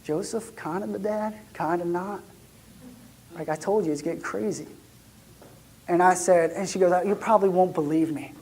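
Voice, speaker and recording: A man as an excitable young shepherd, chatty, swings from eager to hushed, dramatic monologue. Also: sits high, moderate pace, pauses often, slight background noise. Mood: hushed awe. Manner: conversational and excitable, dropping to hushed tones. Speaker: performer of a church monologue. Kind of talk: dramatic first-person monologue.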